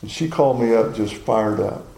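Gravelly older man preaching. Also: lowish voice, normal speed, reverberant, low-quality recording. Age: 60s. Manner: folksy, personal storytelling, animated. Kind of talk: sermon.

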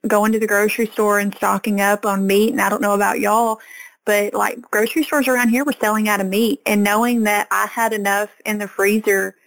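A woman's voice: mid-range voice, level tone, a little fast, fairly bright tone, low-quality recording. A woman farmer from Arkansas with a Southern accent, talking earnestly as a guest in a casual podcast interview. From Arkansas, USA.

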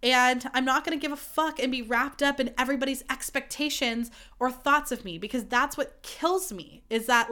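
Bright-voiced young woman podcaster. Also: high-pitched. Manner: candid, profane, animated and self-mocking. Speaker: podcast host. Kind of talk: casual solo podcast chat.

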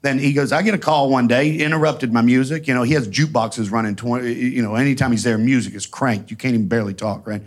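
A man telling profane, animated stories in a casual way, laughing often. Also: medium pitch, quick pace, few pauses. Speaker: storyteller guest. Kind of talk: casual storytelling before an audience.

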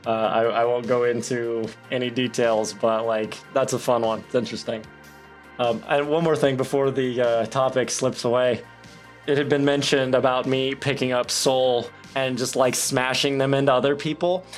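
A man's voice: mid-range voice, flat delivery, normal speed, faint music behind. A man who runs a tabletop game, chatting playfully and casually about the last session. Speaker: game master. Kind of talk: casual aftershow chat.

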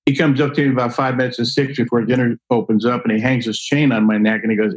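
An older man telling a long personal story in a casual, animated way, acting out the voices of people he quotes. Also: mid-range voice, fast, hardly any pauses, low-quality recording. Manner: animated, acts out quoted voices, laughs often. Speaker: guest storyteller.

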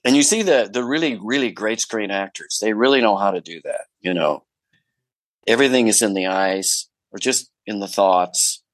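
A man being interviewed as an actor guest, telling anecdotes in an animated way. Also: fairly low pitch, normal speed, dry recording, poor audio. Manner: animated storyteller with many fillers and restarts.

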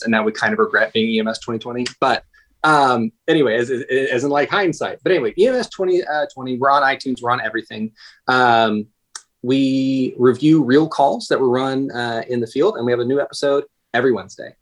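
A man in his thirties, a paramedic guest on a podcast, chatting casually in a rambling, self-interrupting way. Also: medium pitch. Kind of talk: casual conversation.

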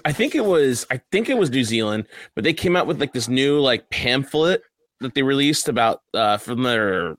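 A man's voice: medium pitch, very animated, normal speed, a bit bright, no room sound. A man hosting a casual podcast, talking loosely with lots of fillers and restarts. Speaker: podcast host.

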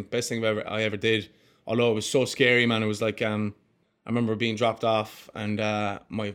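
A man's voice: fairly low pitch, clear, resonant tone. A man from Ireland with an Irish accent, a podcast guest telling his story in a casual, candid way, often saying mate and man and restarting his phrases.

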